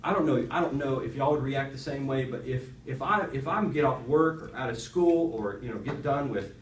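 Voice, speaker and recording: A man gives a conversational Bible lesson to a high school class. He tells the story in an animated way and adds rhetorical asides to the students. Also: normal speed, reverberant, far from the mic, a little hiss or hum, low-quality recording. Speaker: youth speaker teaching a class.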